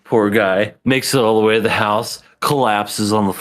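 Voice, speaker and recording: A man's voice: on the low side, fairly even intonation, moderate pace. A man co-hosting a podcast in casual chat, laughing often and acting out scenes. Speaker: podcast co-host.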